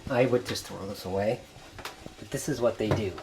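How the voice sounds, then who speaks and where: A man hosting a cooking video in a home kitchen, gently narrating each step as he works. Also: fairly low pitch, normal speed, heavy background noise. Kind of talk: cooking demonstration.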